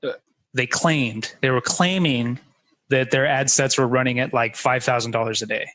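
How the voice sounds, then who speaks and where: A man's voice: medium pitch, normal speed, fairly bright tone, no echo, rough recording. A man, a guest, telling a story in casual conversation, rambling with lots of fillers.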